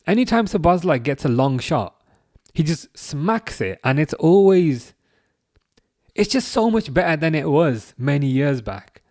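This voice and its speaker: A young man hosting a live football watchalong. He reacts to the match and answers chat, with excitable outbursts at big chances. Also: a little high, unhurried, dry recording, studio quality.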